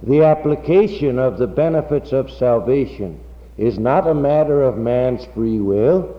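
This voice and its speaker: A pastor preaching a sermon slowly and emphatically, building to loud high peaks on key words. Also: male voice, reverberant, in a large hall, muffled recording.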